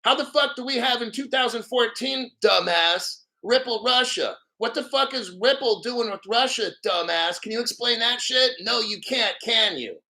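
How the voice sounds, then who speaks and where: Middle-aged male crypto host, high and sharp-edged voice, profane combative rant. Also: normal speed, gravelly, hardly any pauses. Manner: profane, combative, mocking viewers. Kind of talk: angry livestream rant.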